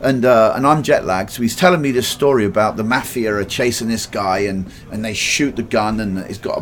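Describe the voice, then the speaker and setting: A man's voice: on the low side, brisk. A man from England with an English accent, telling a rambling personal anecdote in a casual way, swearing freely and acting out the other people's lines. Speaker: guest telling a life story.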